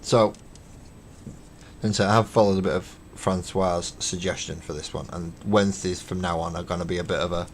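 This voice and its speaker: Chatty low-voiced man building models. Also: steady tone, brisk, a little hiss or hum. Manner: chatty and self-mocking, counts parts aloud, swears casually. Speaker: streamer building miniatures. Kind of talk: casual live-stream chat while working. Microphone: webcam stream.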